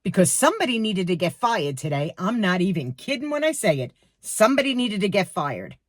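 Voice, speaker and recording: A woman's voice: mid-range voice, brisk, slight background noise. A woman in her sixties with a New York accent, ranting to camera in her garage about a rude cashier. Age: 60s. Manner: indignant, animated, acts out quotes. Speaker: vlogger. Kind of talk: storytime rant to camera.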